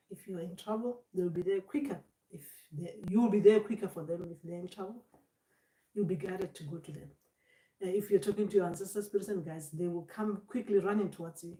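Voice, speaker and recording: In this informal spiritual talk, a woman teacher with a warm, mid-range voice is picked up from a distance in an echoey space. She wanders as she explains, restarting and repeating her words and slipping into acted-out voices.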